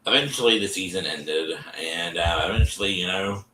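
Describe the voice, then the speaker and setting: A man's voice: sits low, normal speed, sharp tone, a little hiss or hum. A man hosting a livestream, casually retelling television history in a rambling way that keeps looping back and repeating itself. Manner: rambling, loops back and repeats himself while storytelling. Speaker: livestream host. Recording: echoey room, distant from the mic.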